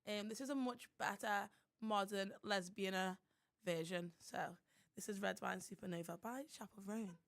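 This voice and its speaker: A woman's voice: mid-range voice, steady tone, moderate pace, gravelly. A young woman hosting a community radio show, chatting casually in a playful, boastful way.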